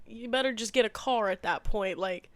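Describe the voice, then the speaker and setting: Young woman from the Midwest, podcast co-host, chatty animated storyteller, fairly high pitch, dry recording. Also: moderate pace, no echo. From Midwest, Missouri. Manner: animated storyteller, lots of "like" and laughs. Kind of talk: casual chat.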